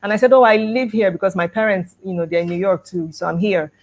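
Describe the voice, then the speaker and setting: A woman's voice: mid-range voice, quick pace, a little mellow. A middle-aged woman speaking at an education conference, telling a personal story and acting out the dialogue, with light laughs. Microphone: video call.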